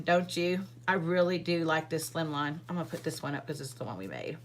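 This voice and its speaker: Woman, lower-pitched, casual crafting host, rambling and friendly with viewers. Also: brisk, few pauses. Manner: chatty, rambling, full of fillers and asides to viewers. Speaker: card-making livestream host. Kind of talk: casual live crafting demonstration.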